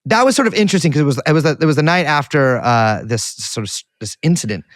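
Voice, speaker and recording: A man's voice: a little high, expressive, quick pace, no room sound, clean studio sound. A man co-hosting a podcast, telling a rambling, self-deprecating story in casual chat with lots of restarts. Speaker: podcast co-host reporting back.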